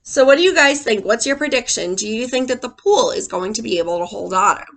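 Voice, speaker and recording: A woman teacher reading a picture book aloud to children in an animated way, stopping to ask them questions. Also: fairly high pitch, fast, vocal fry.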